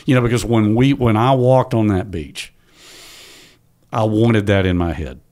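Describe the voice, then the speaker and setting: A middle-aged man with a low voice, a podcast guest telling family stories. He talks haltingly, stopping and restarting often and using plenty of fillers. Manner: halting, restarts often, then quotes his father in a raised animated voice. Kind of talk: conversational storytelling.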